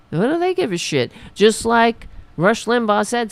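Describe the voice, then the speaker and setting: A woman hosting a political commentary show, reading news items and breaking off into sarcastic, profane rants in a slightly raspy voice. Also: on the high side, very animated, unhurried, few pauses, dry recording. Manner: sarcastic, profane, reads news then riffs.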